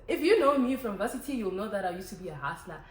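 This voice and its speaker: Young woman, casual chat to camera, animated, echoey room. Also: mid-range voice, fast. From Botswana. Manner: chatty, animated, switches languages. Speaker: vlogger. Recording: echoey room, faint ambient noise.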